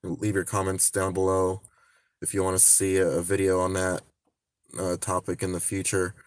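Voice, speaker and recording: A man's voice: sits low, completely flat delivery, moderate pace, clean tone, dry recording, studio quality. A man chatting casually on a phone livestream, rambling with many restarts and frequent swearing.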